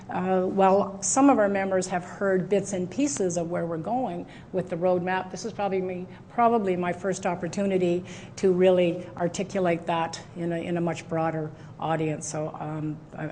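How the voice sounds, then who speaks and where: A middle-aged woman speaks to a live audience in a presentation room, her voice sitting a bit low. She keeps starting over and filling gaps with um's and uh's. A faint hum of room noise runs underneath. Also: steady tone, normal speed, mellow. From Canada. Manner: hesitant, many fillers and restarts. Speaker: conference speaker. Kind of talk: presentation talk.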